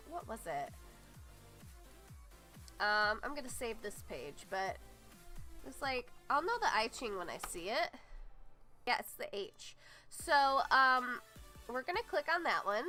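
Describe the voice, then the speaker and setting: A young woman with a fairly high, bright voice, musing out loud about game lore in loose, filler-packed chat. Faint music plays underneath her talk. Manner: rambling, filler-heavy, thinking aloud. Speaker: gaming theory YouTuber. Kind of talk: casual rambling commentary.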